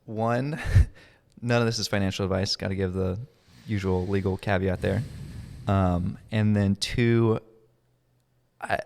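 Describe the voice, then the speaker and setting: A man's voice: on the low side, fairly even intonation, unhurried, creaky, long reverb tail. A young man co-hosting a podcast in casual chat, rambling with lots of fillers and self-deprecating asides. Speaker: podcast co-host.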